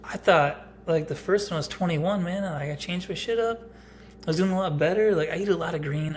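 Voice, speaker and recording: A man's voice: fairly high pitch, fairly quick, slight background noise. Rambling, blunt man in his thirties. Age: 30s. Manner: rambling, blunt, heavy on filler words. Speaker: vlogger. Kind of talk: casual personal vlog.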